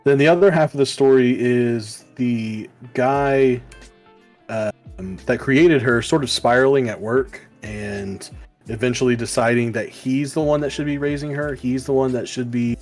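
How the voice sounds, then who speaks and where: This co-host of a casual comic book review show has a mid-range, darkish voice and talks a little slowly. He rambles with plenty of fillers and acts out quoted lines, while soft music plays in the background.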